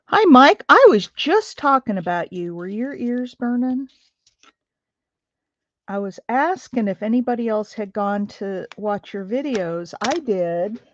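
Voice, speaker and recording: A woman's voice: medium pitch, animated, unhurried, dry recording, muffled recording. A woman hosting a craft livestream, chatting casually with viewers and thinking aloud as she works. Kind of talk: casual chat while crafting.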